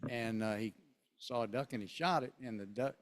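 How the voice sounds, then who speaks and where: A man's voice: mid-range voice, moderate pace. An older man telling a folksy joke at a club meeting, rambling with fillers and restarts, in a museum meeting hall. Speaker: club member leading song and pledge.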